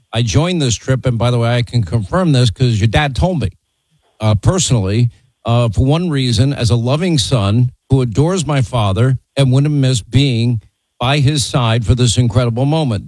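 A man's voice: mid-range voice, a little mellow, no room sound, poor audio. A man hosting a broadcast interview, speaking emphatically and assertively. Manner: emphatic, assertive, makes predictions. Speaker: talk show host.

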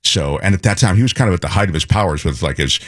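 A middle-aged man co-hosting a radio show, telling a story in a lively way and acting out the voices of the people in it. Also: sits low, rapid-fire. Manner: animated storyteller, acts out voices. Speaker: radio co-host. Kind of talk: casual chat, anecdote telling.

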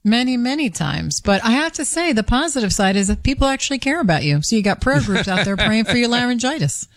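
Radio co-host, woman, upbeat and reassuring, lively intonation. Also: on the high side, quick pace, no room sound. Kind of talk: casual radio banter.

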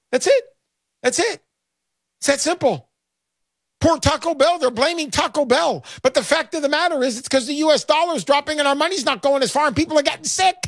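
A man's voice: very high voice, a bit bright, no room sound. A middle-aged man hosting a radio talk show, brash and emphatic, repeating his lines for effect. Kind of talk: talk radio with sales pitch.

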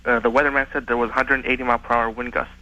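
Man, radio caller, hesitant, lots of ums, quick talk, very bright voice. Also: mid-range voice, little pitch movement, dull audio. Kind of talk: phone-in chat.

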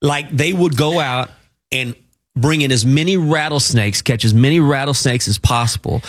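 A broadcaster from Texas, telling stories in a casual talk-show chat. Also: male voice, medium pitch, normal speed. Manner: chatty anecdotal storyteller.

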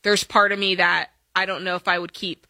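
Bright-voiced woman co-hosting a money show. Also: on the low side, little pitch movement, brisk, no echo. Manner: practical, explains step by step. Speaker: co-host of a money advice call-in show. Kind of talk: casual advice talk.

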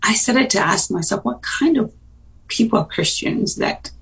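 A woman giving an earnest personal testimony as a radio interview guest, dropping to hushed tones at tense moments. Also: fairly high pitch, expressive, normal speed, gravelly. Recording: voice distant from the mic.

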